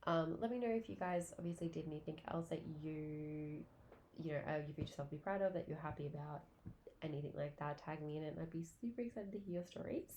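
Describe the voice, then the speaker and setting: A woman's voice: low-pitched, fast, warm tone, slight background noise. A woman in her late twenties hosting a casual solo podcast, telling stories in a chatty way and swearing freely. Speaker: podcast host.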